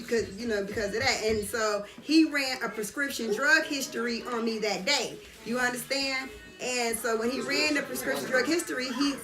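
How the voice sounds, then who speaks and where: A middle-aged woman telling a story in an animated, casual way while getting her hair done, often checking whether the listener understands. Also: a little high, echoey room, noisy background. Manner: animated retelling, keeps asking "you understand?". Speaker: vlogger. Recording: busy background chatter.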